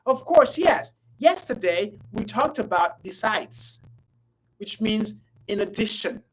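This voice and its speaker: A woman teaching an English class in a playful, coaxing way. She repeats herself often and swings between loud and soft. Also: mid-range voice, big pitch swings, slow pace, rough recording. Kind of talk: live online language class.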